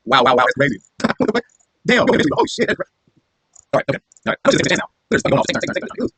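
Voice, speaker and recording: A man giving live commentary on his own game match, swearing often and swinging from low muttering to loud outbursts. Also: big pitch swings, normal speed. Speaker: gamer and video creator.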